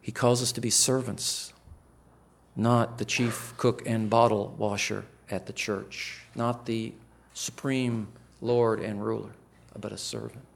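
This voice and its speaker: An older man preaching a chapel sermon to pastoral students, swinging from loud emphatic bursts to hushed asides. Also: fairly low pitch, flat delivery, slow pace, vocal fry, slight background noise.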